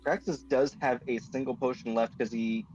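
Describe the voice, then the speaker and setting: A man's voice: mid-range voice, steady tone, moderate pace. A man playing a tabletop game in casual chat, rambling with many fillers and some swearing. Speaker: player. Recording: dull audio with faint noise.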